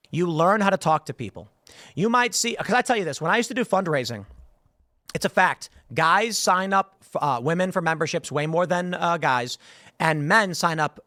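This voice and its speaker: A man's voice: sits high, bright, forceful tone, no echo, clean studio sound. A man hosting his own show, giving rambling, emphatic opinion commentary and speaking straight to his listeners. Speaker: show host.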